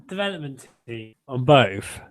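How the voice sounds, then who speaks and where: Slow, wry man podcasting. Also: medium pitch, sing-song. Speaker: podcast co-host. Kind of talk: casual podcast chat.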